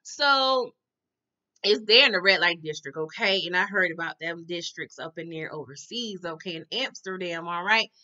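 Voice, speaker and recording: A woman giving a chatty, slangy recap of a TV episode, with quick asides. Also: on the low side, sharp tone, highs cut off. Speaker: TV episode reviewer. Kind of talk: casual TV recap.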